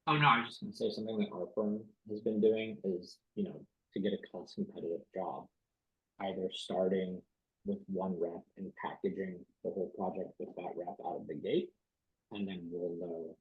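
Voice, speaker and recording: A man with a very deep, heavily husky voice speaks in a relaxed, conversational way in a webinar. His audio sounds dull and muffled. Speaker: webinar participant. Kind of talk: casual spoken remarks.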